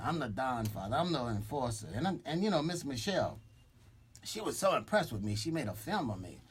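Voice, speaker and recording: A man's voice: medium pitch, husky. A man voicing a boastful, threatening mob boss enforcer as a comic character on a radio show, speaking into a studio microphone. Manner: swaggering, threatening, rambling with restarts.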